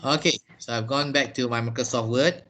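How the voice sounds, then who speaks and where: A man's voice: mid-range voice, steady tone, fairly quick, fairly bright tone. A man with a Malaysian accent teaching English in a video call class, answering questions patiently and explaining step by step. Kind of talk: online class Q&A.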